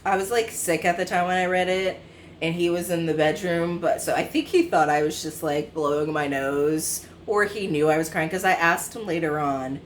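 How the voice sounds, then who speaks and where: A woman's voice: lowish voice, steady tone, moderate pace, a little hiss or hum. A woman in her twenties chatting casually about books she has read, rambling with many fillers and self-corrections. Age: 20s. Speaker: book vlogger. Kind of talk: casual book review chat.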